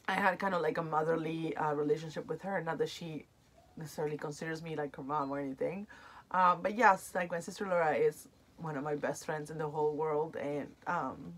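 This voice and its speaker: A woman's voice: low-pitched, fairly even intonation, a little fast. A woman, chatting emotionally while unboxing and reading product cards aloud. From Argentina. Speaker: unboxing vlogger. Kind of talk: casual unboxing chat.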